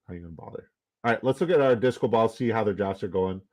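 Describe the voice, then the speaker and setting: A man's voice: fairly low pitch, fast. A man from Canada, giving loose, jokey commentary and swearing casually while running down a fantasy football draft.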